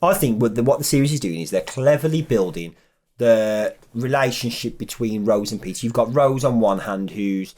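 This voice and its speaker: A man co-hosting a casual chat, relaxed, steering the talk with questions. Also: mid-range voice, normal speed. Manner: relaxed, leads the questions, says "reckon" and "brilliant". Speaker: podcast co-host.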